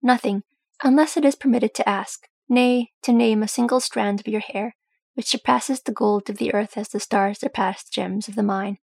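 A woman reading the part of an earnest, courtly dwarf warrior, speaking softly and formally. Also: a little high, steady tone, normal speed, creaky, husky, no room sound. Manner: soft-spoken, formal courtly speech.

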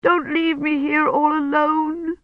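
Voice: sits high, flat delivery, slow, no echo, highs cut off, pitched above the performer's own voice. A narrator voicing a feverish elderly woman who talks like a small child, pouting and wailing for her daddy in an audiobook. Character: elderly feverish woman acting like a little girl.

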